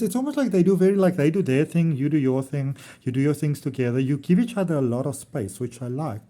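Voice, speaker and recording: A warm, mellow-voiced man, reading tarot for his viewers. He talks in a chatty, wandering way, affectionate and quick to chuckle, with his pitch sitting right in the middle for a man. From South Africa. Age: early 40s. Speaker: tarot reader. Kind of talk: casual tarot reading vlog.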